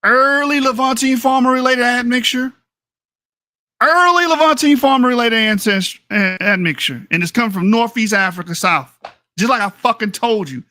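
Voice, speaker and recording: Brash, bright-voiced heated male debater. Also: very high voice, normal speed, no echo. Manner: aggressive, profane and insulting; reads aloud from papers.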